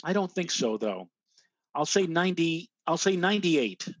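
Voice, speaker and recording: Male weather co-host, loose filler-heavy chat, slightly high voice, dry close sound. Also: sing-song, moderate pace, no echo. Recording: dry, dull lo-fi audio.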